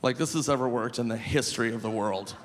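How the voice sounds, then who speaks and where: A male stand-up comedian performing live on stage, animated and shouting his punchlines high. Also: quick pace. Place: large live comedy venue. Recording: live hall with long reverb, faint crowd ambience.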